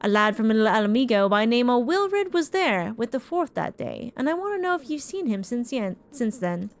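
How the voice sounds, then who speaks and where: A woman voicing a gruff one-eyed male mercenary captain in a rough, pirate-style brogue while reading game dialogue aloud. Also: on the high side, very animated, normal speed.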